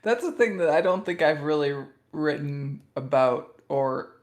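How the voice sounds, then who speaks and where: A man co-hosting a casual podcast discussion, blunt and profane, talking in quick bursts full of "like". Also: a little high, animated. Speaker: podcast co-host.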